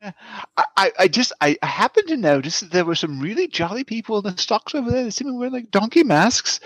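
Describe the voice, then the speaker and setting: A woman's voice: medium pitch, big pitch swings, quick pace, hardly any pauses. A woman in a tabletop game, playing an over-cheerful, gushing character. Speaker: player.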